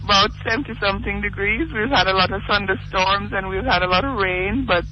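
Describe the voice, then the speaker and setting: A woman from Jamaica with a Jamaican accent, calling in to a radio show and chatting, indignant and quick to laugh. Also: medium pitch, slight background noise. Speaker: caller. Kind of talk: call-in radio chat. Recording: dull lo-fi phone call on radio.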